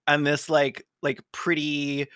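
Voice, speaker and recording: A woman's voice: sits low, level tone, fairly bright tone, clear, resonant tone, no room sound, clean studio sound. A woman co-hosting a comedy podcast, joking and swearing in casual banter. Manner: jokey, swears, acts out quick bits. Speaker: podcast co-host.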